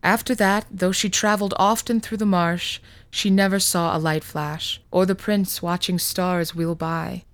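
A woman narrating a fairy tale podcast in a slow, measured, hushed manner. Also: lowish voice, steady tone, dry recording. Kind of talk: scripted fiction narration.

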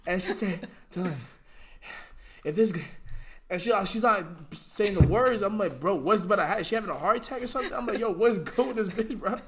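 A man's voice: high-pitched, brisk, fairly bright tone, a little hiss or hum. A young man, a podcast guest, telling a story in casual slang, keeps saying "bro" and breaks into laughing fits.

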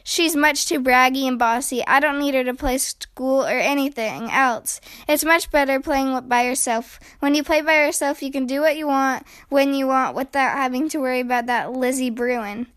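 A woman voicing a quick-tempered young girl bear cub in a storybook, with lively, indignant outbursts. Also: high-pitched, no echo. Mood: spirited.

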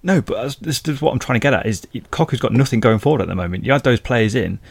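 A man's voice: medium pitch, animated, fast, gravelly, dry recording. A man chatting casually as a football pundit on a podcast, talking conversationally with frequent fillers and restarts.

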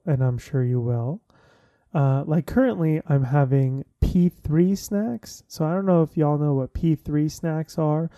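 Casting: man, 30s, loose jokey chatter, mellow low-toned timbre, dry close sound. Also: no room sound. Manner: chatty, filler-heavy, jokey. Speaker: vlogger. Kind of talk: casual chat to listeners.

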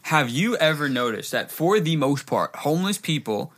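A man speaks bluntly on a laid-back podcast and swears freely. His pitch moves around a lot as he talks. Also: very animated, moderate pace, fairly bright tone. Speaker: podcast guest. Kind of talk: casual podcast chat.

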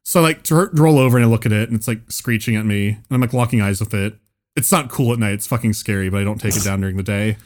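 A man's voice: lowish voice, fast. Rambling, laughing male podcast storyteller. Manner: rambling, laughing, swearing, restarts mid-sentence. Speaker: podcast co-host. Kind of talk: casual comedic storytelling.

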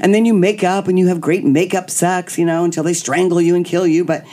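A woman's voice: on the low side, brisk. A woman guest candidly telling a personal story, acting out what people said. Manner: animated, acts out quotes.

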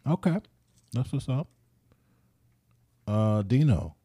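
A man's voice: medium pitch, expressive, takes it slowly, mellow, slightly rough, dry recording, clean studio sound. A man hosting a casual podcast chat, teasing his co-hosts and laughing often. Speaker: podcast host.

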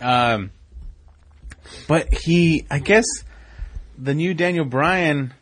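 Excitable man co-hosting a wrestling chat. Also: fairly high pitch, drawn-out words. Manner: excitable, jumps in often, laughs easily. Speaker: podcast co-host.

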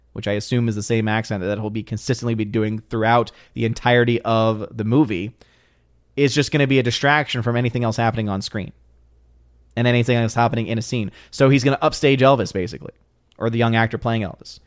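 A man hosts a live stream and chats through viewer comments in a loose, thinking-aloud way, with restarts and small laughs. His voice sits at a middle pitch. The sound is close and dry, with no room echo. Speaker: live stream host reading chat. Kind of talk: casual live stream chat.

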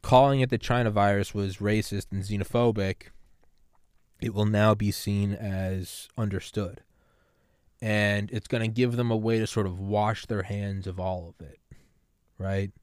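A man's voice: on the low side, fairly even intonation, normal speed, long pauses, darkish tone, clear, resonant tone, no room sound, clean studio sound. A man hosting a solo podcast, ranting sarcastically about politics with profanity and rambling asides. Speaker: podcast host.

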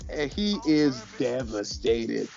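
An animated podcast host recapping in casual chat, the voice swinging widely in pitch as the mocking jabs land. The audio is muffled, with faint music underneath. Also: slow, vocal fry.

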